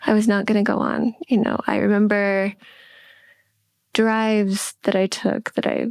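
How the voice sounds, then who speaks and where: A middle-aged woman co-hosting a podcast, speaking candidly and reflectively, often pausing and restarting her sentences. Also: mid-range voice, little pitch movement, creaky, darkish tone, clean tone, no echo. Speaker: podcast co-host.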